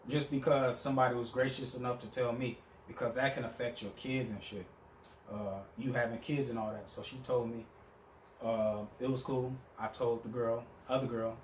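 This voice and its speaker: A man's voice: medium pitch, fairly even intonation, moderate pace, roomy sound, slight background noise. A young man telling a story in a casual, profane monologue, acting out the people he quotes. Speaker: vlogger.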